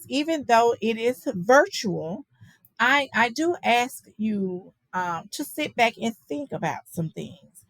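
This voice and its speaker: Woman lecturer, fairly high voice, dry close sound, loose chatty delivery full of fillers and "okay?" checks. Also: gravelly, no room sound, rough recording. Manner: conversational, many fillers and asides, checks in with "okay?". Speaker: teacher. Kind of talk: virtual lecture on child guidance.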